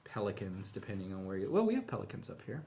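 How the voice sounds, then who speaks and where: A man teaching a live painting tutorial, explaining each step in a relaxed, chatty way. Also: deep voice, fast talker, slight background noise. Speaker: painting instructor.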